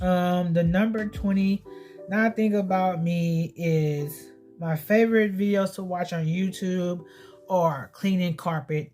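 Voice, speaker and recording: Low-voiced woman, blunt vlog chat. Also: a little mellow. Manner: blunt, swears freely, repeats herself. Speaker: beauty and family vlogger.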